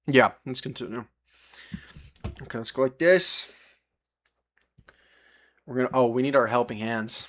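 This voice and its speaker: A young man with an average-pitched voice chats loosely with his stream while he solders. He rambles, swears freely and laughs at himself, and his voice drifts away from the mic as he leans over the work. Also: measured pace, pauses often, fairly bright tone. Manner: talks to chat while working, often turned away from the mic. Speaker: livestreamer. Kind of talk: casual live-stream chat while soldering.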